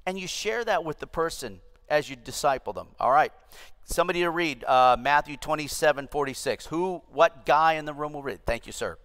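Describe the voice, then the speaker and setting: An older man, a pastor, teaches a discipleship class in an echoey church room, speaking a little fast in a fairly high, fairly bright voice. He's emphatic and repeats key phrases.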